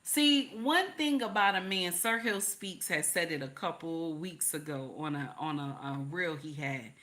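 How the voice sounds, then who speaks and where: An older woman hosting a live stream, giving casual relationship advice to viewers; she is animated, repeats her points and drops to a low confiding voice for emphasis. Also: unhurried.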